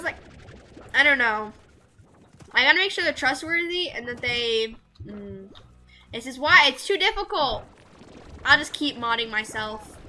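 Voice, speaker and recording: A woman's voice: high-pitched, bright, forceful tone, a little hiss or hum. A young woman streaming a game, chatting to her viewers in a rambling way with lots of fillers. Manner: rambling, talks to chat with many fillers. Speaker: VTuber streamer. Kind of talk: casual live-stream chat while gaming.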